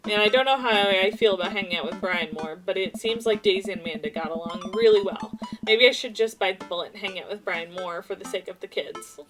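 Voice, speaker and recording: A woman game streamer reading a visual novel aloud with jokey, animated asides. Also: mid-range voice, a little fast. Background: soft game music.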